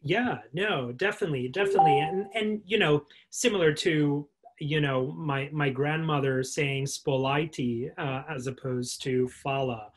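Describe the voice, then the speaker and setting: A man's voice: a little high, unhurried. A man hosting an interview over a video call, telling stories in a hesitant way with many fillers and restarts. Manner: hesitant, filler-heavy storyteller. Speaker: host, interviewer.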